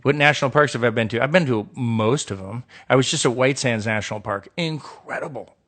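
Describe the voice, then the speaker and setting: A man's voice: mid-range voice, fast talker, a bit bright. A middle-aged American man chatting alone on a phone live stream, reading out fan questions and riffing on them with dry, sarcastic jokes. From United States. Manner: reads questions aloud and riffs with dry, joking sarcasm. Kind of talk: casual solo live stream chat. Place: indoor room with a window.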